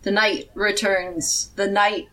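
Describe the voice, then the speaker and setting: A woman's voice: medium pitch, little pitch movement, takes it slowly, bright, forceful tone, poor audio. A woman co-hosting a podcast, talking in a hesitant, giggly way. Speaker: podcast co-host. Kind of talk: casual chat.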